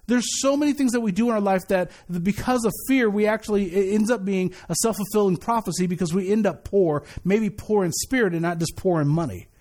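A male pastor preaching a sermon in a lively, conversational way, often repeating words as he restarts. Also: high voice, brisk, hardly any pauses.

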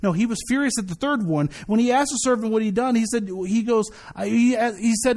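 High-voiced, energetic male preacher. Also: fast, hardly any pauses. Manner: energetic, conversational, repeats words when he restarts. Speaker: pastor. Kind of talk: sermon.

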